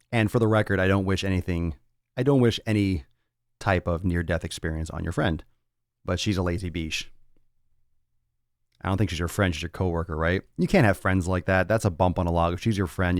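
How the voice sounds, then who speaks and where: A man's voice: deep voice, steady tone, fairly quick, pauses often, no echo, clean studio sound. A man hosting a fitness podcast, ranting bluntly with lots of swearing and tough-love talk. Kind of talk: casual podcast rant.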